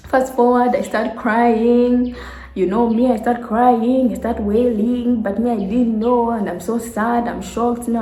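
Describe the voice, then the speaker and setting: A woman's voice: fairly high pitch, mellow. A young woman in her twenties tells a storytime vlog with lots of animation. She acts out the people in her story and laughs often. Her voice rings in a roomy, echoey space. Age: 20s. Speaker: vlogger.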